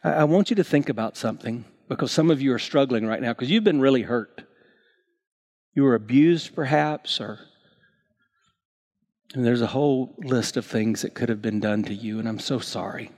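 A male pastor preaching a sermon, telling stories and acting out the characters with big swings in pitch and volume, often restarting his words. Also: moderate pace, a little mellow. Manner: stammering restarts.

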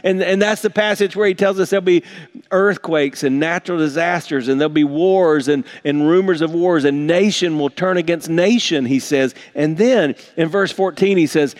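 A man's voice: fairly high pitch, moderate pace. A man preaching a sermon to his congregation, earnest and emphatic, often repeating and restarting words. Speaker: pastor.

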